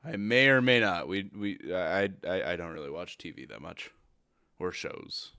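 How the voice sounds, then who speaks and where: A man co-hosting a podcast in casual chat, jokey and quick to laugh. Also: low-pitched, animated, sharp tone, smooth, no echo, studio quality. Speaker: podcast co-host.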